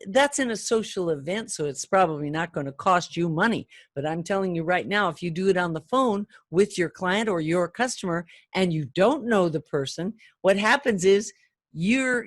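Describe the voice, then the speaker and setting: Older female phone-sales trainer, chatty and animated, middle pitch, dry close recording. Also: moderate pace, no echo. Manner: chatty, animated, acts out callers' lines. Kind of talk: training talk to camera.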